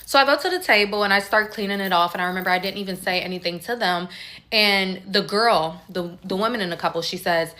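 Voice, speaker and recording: A woman telling a casual storytime, animated and acting out the voices of the people she quotes. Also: mid-range voice, quick pace. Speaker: storytime creator.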